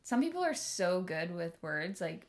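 A woman's voice: lowish voice, very animated, a little slow. A young woman co-hosting a podcast, chatting casually with lots of "like" fillers. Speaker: podcast co-host. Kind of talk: casual chat.

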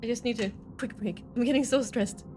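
A woman's voice: on the high side, a little fast, slight background noise. A woman streaming a game live, chattering nervously and yelping when startled. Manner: excitable, jumps between nervous chatter and yelping. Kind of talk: live gameplay commentary.

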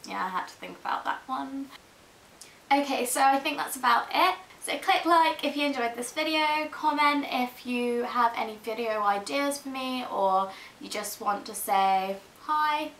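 A woman's voice: sits high, moderate pace, fairly bright tone, reverberant, a little hiss or hum, low-quality recording. An eighteen-year-old woman from South East England, chatting to her camera in a rambling, giggly way on a built-in camera mic. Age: teens. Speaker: vlogger. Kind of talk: casual chat to camera.

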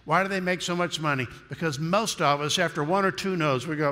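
A man's voice: fairly high pitch, fairly quick, sharp tone, big-room sound. A man preaching a sermon in a folksy, humorous storytelling manner.

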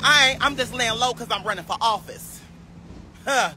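A man's voice: very high voice, normal speed, background noise. A young man on a casual livestream, delivering a sassy, preachy clapback rant.

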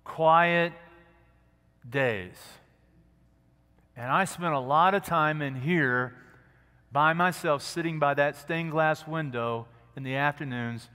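A man preaching a sermon as pastor, earnest and gentle, dropping to a soft hush at quiet moments. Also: a little high. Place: church sanctuary. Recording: long church hall reverb.

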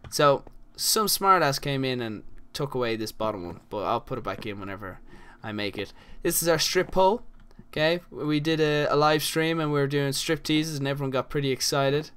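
A man's voice: mid-range voice, animated, normal speed, hardly any pauses, fairly bright tone, smooth. An Irish man giving casual, rambling commentary while playing a game, full of crude jokes and asides. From Ireland. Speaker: gaming channel host.

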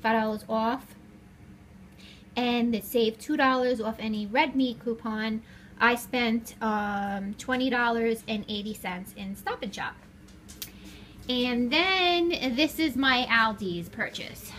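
A woman's voice: on the high side, takes it slowly, a bit bright, slight background noise. A middle-aged woman chatting casually as she films her shopping trip, walking and talking through the stores, her car and her home. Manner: chatty, walks and talks while shopping. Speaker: vlogger.

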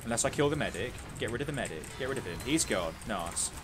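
A man's voice: medium pitch, expressive, fast talker. A young man talks through a game he is streaming, chatting casually, joking, and swearing freely. His voice sits in a middle register. Faint music and keyboard clicks play behind him. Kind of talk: casual gameplay commentary.

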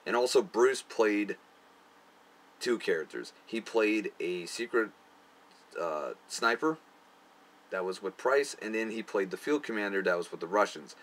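A man's voice: on the low side, animated, a little slow, pauses often, a bit bright. A young man casually looking back on his amateur film, crude and profane, often laughing at himself. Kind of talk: casual commentary.

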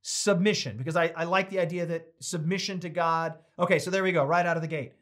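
A middle-aged male pastor with a fairly high voice teaches a Bible study. He preaches with conviction and then slips into a chatty, playful tone as he reads out viewers' comments. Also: fairly even intonation, fast talker, a bit bright.

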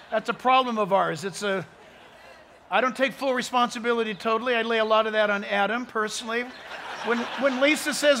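Animated high-voiced male preacher outdoors. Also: moderate pace, slight background noise. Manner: animated, jokes with the crowd, acts out quoted voices. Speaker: pastor. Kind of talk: outdoor Easter sunrise sermon. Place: outdoors at dawn, cold.

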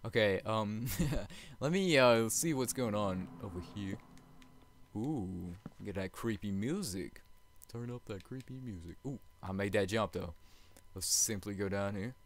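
A man hosting a let's play, chatty and jokey, swinging from hushed murmurs to loud excited outbursts. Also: lowish voice, measured pace, dry recording. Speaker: gaming channel host.

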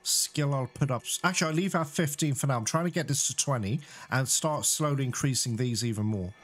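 A man's voice: medium pitch, fairly quick, faint music behind. A young man giving casual gameplay commentary, chatty and jittery, with nervous laughs and mild swearing. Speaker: let's play gamer.

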